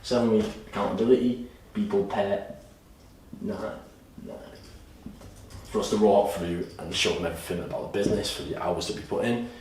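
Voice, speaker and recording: A man giving an energetic, salesy course pitch at a whiteboard, often repeating himself. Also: normal speed. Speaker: course presenter. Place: room with a whiteboard. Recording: echoey room, distant mic, faint hiss.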